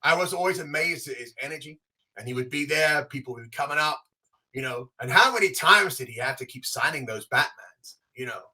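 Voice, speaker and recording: A man co-hosting a podcast, telling an animated story in casual chat and acting out the quotes. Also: on the high side, a little fast, breathy edge. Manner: animated, acts out quotes with big swings. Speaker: podcast co-host.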